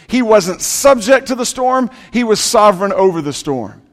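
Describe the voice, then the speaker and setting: A man with a notably high voice delivers a sermon, stacking repeated phrases for emphasis. His voice swells and then falls soft and close. A long reverb trails each phrase, as in a large church. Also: animated, moderate pace. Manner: preaching with rising and falling intensity, repetitive emphatic lists. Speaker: pastor.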